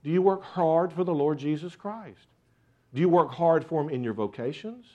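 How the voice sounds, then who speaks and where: A man's voice: a little high, moderate pace, lo-fi sound. A man preaching a sermon, earnest, with repeated rhetorical questions. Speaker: pastor.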